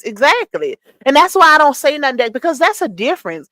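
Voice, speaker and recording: A woman's voice: high-pitched, big pitch swings, a little fast, hardly any pauses, fairly bright tone, dry recording. A woman hosting a live stream, chatting and giving gossip commentary while greeting her viewers by name.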